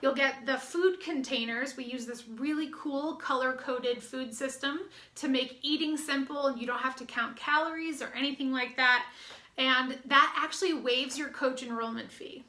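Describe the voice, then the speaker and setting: Upbeat American woman, bright and high. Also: moderate pace, echoey room. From United States. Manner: upbeat, chatty, with fillers and restarts. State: slightly out of breath. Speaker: fitness business coach. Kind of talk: promotional recruiting talk.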